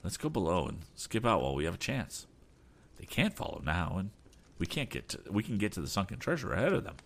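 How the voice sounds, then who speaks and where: A man voicing an eager young male inventor in an adventure audiobook, talking in quick, excited bursts. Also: low-pitched, creaky, exaggerated voice.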